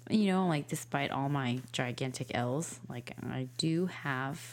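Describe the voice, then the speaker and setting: A woman co-hosting a podcast in casual chat, giggly and animated when telling stories. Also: extremely low pitch, a little slow.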